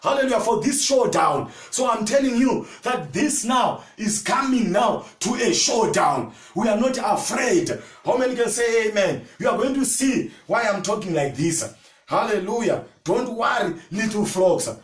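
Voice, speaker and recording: A male pastor preaching a fervent sermon, often shouting and calling out to the congregation for replies. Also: high-pitched, lively intonation, moderate pace. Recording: echoey room, from far off.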